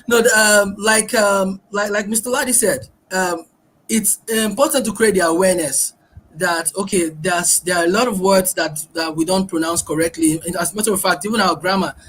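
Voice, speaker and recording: A man answering as a panel guest, hesitant and halting with many fillers. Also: sits high, a bit bright, slightly rough, poor audio. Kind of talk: online panel discussion.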